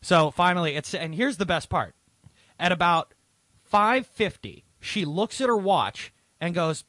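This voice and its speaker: A man's voice: high voice, expressive, a little slow, sharp tone, dry recording. A man co-hosting a casual talk show, telling a rambling and profane story with plenty of exasperation. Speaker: co-host. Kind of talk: casual podcast chat.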